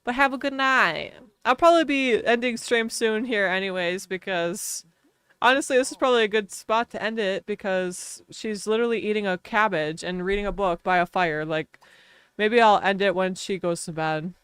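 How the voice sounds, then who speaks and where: A woman's voice: mid-range voice, moderate pace, fairly bright tone, clean tone, no echo. A woman with a Wisconsin accent chatting casually on a live game stream, laughing often and talking to her chat. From Wisconsin, US Midwest.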